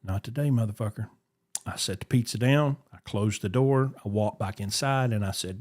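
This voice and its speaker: A man's voice: fairly low pitch, moderate pace. A man, hosting a podcast and telling a story in casual chat, acting out the voices he quotes. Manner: animated, acts out quoted voices. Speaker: podcast host.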